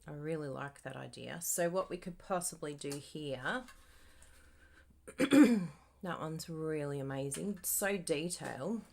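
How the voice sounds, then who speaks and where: A woman's voice: sits low, slow, creaky, pauses often, a little mellow. A woman demonstrating card-making live, chatting and thinking aloud as she works and talking straight to her viewers. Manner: talks to viewers directly. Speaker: crafting demonstrator.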